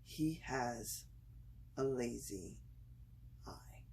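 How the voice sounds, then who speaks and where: Woman vlogger at home, slow and husky, hesitant with fillers, slightly scratchy throat. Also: low-pitched. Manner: hesitant, many pauses and fillers, turns excited and laughing when telling the story. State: slightly itchy throat from screaming. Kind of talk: casual personal vlog storytelling.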